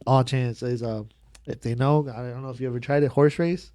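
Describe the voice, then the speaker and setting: A man's voice: mid-range voice, steady tone, a little fast, darkish tone. A man, a podcast guest telling casual stories in slangy, profane talk and acting out other people's lines. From Southern California. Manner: slangy, profane, laughs through his stories. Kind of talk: casual storytelling.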